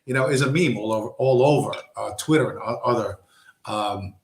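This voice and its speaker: With a medium-pitched voice and a brisk pace, a man rambles through stories on his casual live stream in an echoey room. He swears freely and acts out the tough-guy lines he quotes.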